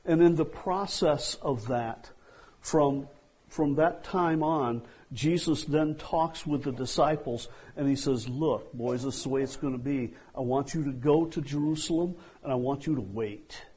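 Slow, soft-toned male preacher. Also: medium pitch, breathy edge, poor audio. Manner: slow, deliberate preaching, acting out quoted dialogue, trailing off softly. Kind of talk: sermon.

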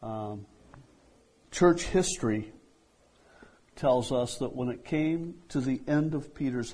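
A man preaching at an unhurried, drawn-out pace, his voice mellow and a little husky. He acts out quoted dialogue and often lets his sentences fade away quietly. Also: mid-range voice, rough recording. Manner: slow, deliberate preaching, acting out quoted dialogue, trailing off softly. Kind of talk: sermon.

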